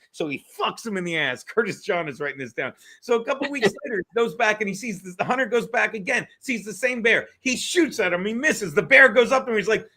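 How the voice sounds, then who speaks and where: A man's voice: high-pitched, lively intonation, brisk, hardly any pauses, pushed and bright. A man co-hosting a podcast in casual political chat, profane, rambling and combative. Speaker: podcast co-host.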